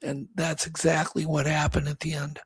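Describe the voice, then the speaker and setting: A man's voice: on the high side, completely flat delivery, normal speed, slightly rough, no echo. A man co-hosting a talk show, rambling through a story with many restarts and acted-out quotes. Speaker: co-host. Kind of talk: casual storytelling chat.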